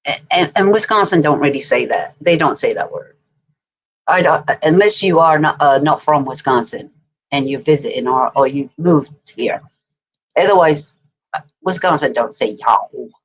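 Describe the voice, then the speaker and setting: A woman from England with an English accent talks casually on a livestream. Her voice sits fairly low, and she rambles along with frequent laughter. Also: moderate pace. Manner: chatty and rambling, laughing often.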